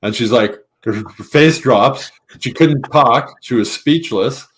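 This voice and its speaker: A man's voice: medium pitch, slow pace. A man with a Canadian accent, a hockey columnist guest, telling anecdotes in casual chat and acting out the quotes. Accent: Canadian English. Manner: animated anecdote teller, acts out quotes.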